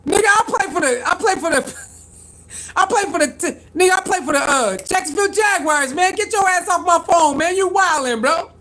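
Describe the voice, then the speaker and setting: A man voicing a brash young male football player who shouts, laughs and brushes off a request with crude slang. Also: very high-pitched, animated, moderate pace, voice pushed up, full character voice. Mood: mocking.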